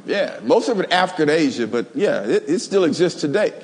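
Animated preacher man in a reverberant hall. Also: fairly high pitch, brisk. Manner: animated, call-and-response, plays jokey role examples. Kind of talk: lively sermon with humor. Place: church. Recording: long reverb of a church hall.

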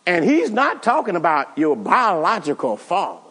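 Brief: male pastor mid-sermon, animated and emphatic, lots of restarts, church reverb. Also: high voice, normal speed, husky. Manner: emphatic, with many stammered restarts and calls to the congregation. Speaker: preacher.

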